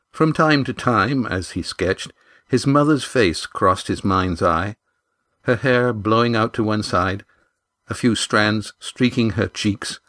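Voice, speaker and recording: A man reading an adventure novel aloud in a measured, even storytelling manner on a close studio mic. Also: lowish voice, no echo. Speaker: audiobook narrator. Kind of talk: scripted narration of an adventure novel.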